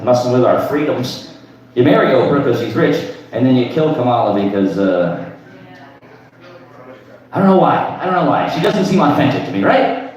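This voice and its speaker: His mid-range voice a little mellow and the audio lo-fi, a man in his 30s performs a crude, meandering open mic stand-up set on a comedy club stage, ending lines with "right?". The room is echoey and the recording is taken from far away.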